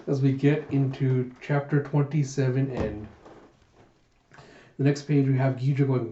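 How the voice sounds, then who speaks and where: A man's voice: medium pitch, fairly even intonation, measured pace, long pauses, mellow. A man casually reading and retelling a comic, chatty and correcting himself as he goes. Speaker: reviewer reading a manga aloud. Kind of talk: casual manga readthrough. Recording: roomy, dull lo-fi home recording.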